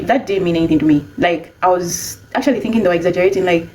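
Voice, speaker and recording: Woman, rapid chatty storytelling, lowish voice, light hiss behind. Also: poor audio. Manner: chatty, animated when quoting herself. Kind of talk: casual storytime monologue.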